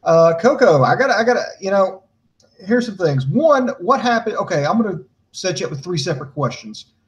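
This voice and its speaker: Male co-host, slightly high voice, newsy and conversational, feeds questions. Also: big pitch swings, fairly quick. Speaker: podcast co-host. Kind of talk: casual wrestling chat.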